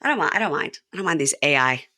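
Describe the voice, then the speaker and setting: Bright-voiced woman podcast host. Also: very fast, no room sound, studio quality. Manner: animated retelling, acting out quotes in high voices. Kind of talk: casual recap chat.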